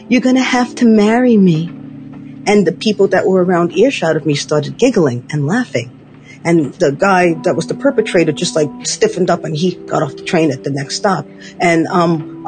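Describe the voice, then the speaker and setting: A woman in her late fifties spins a personal tale in a loose, conversational way, scattering "like" and "you know" as she goes. Her delivery stays animated and lively, and faint music hums behind her. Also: lowish voice. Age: 50s. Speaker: storyteller. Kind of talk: personal story told on stage.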